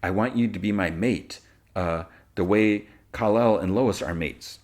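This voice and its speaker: A man's voice: fairly low pitch, measured pace, a little mellow, natural voice. A man voicing an earnest young superheroine who talks in a formal, oddly literal way.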